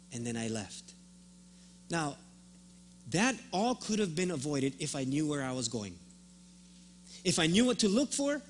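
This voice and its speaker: A pastor with a high, bright, pushed-sounding voice preaches a sermon and tells a story, acting out both sides of the conversation. He often repeats words as he begins a thought.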